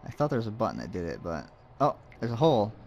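A man with a fairly low voice talks through a game as he plays, rambling and muttering to himself with offhand jokes. A faint hiss sits under the recording. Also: wildly swooping pitch, fast talker, darkish tone, highs cut off. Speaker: let's play host. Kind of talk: casual gameplay commentary.

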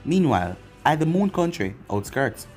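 A narrator reading fan fiction aloud in a plain, steady manner. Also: medium pitch, moderate pace. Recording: faint background music.

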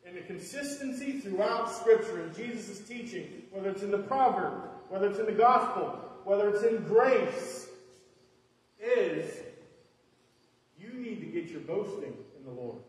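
Man preaching a casual, rambling sermon to a congregation; fairly high voice, heard from a distance. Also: lively intonation, measured pace. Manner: conversational, rambling, with many fillers and restarts. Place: church hall before a live congregation. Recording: echoey hall from far off.

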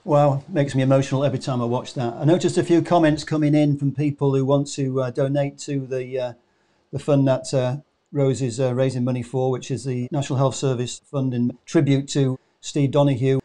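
A man's voice: medium pitch, level tone, a little fast, dark tone. A man hosting a live online show, speaking hesitantly with many fillers. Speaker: host.

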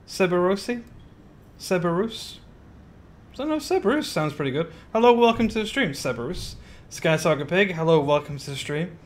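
A man's voice: a little high, a little hiss or hum. A man chatting casually on a live stream while building in a game, greeting viewers by name with giggly asides.

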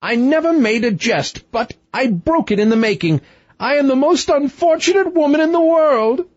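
A man voicing a fretful, sharp-tongued middle-aged queen in a raised, plaintive voice. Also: fairly high pitch, sing-song, normal speed, breathy edge, dry recording, muffled recording, pitched above the performer's own voice.

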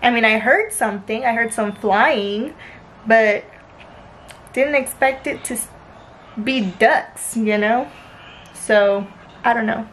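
A woman's voice: fairly high pitch, slow, long pauses, a little hiss or hum, low-quality recording. Chatty young woman vlogging at home. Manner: chatty, animated, swears casually. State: out of breath after a workout. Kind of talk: casual vlog chat.

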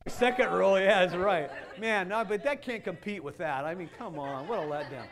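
A man preaching a sermon as a pastor, animated and playful, with bursts of loud excitement. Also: sits high, moderate pace, a crowd in the background. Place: church sanctuary.

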